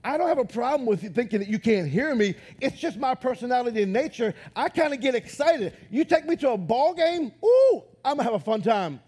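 Excitable pastor guy preaching in church, real high husky voice, gets loud and animated. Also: a little fast, few pauses. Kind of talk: lively sermon. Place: church auditorium.

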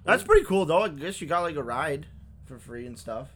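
Male co-host, relaxed filler-heavy banter, crude humor, animated and a touch high. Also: a little fast. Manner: crude joking, laughs often, filler-heavy. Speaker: podcast co-host. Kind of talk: casual chat.

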